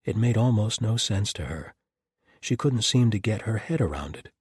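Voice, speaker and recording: A male audiobook narrator with a very deep, husky voice, telling the story in a measured, even way. The recording is close and dry, like a treated studio booth. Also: no echo. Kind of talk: scripted narration.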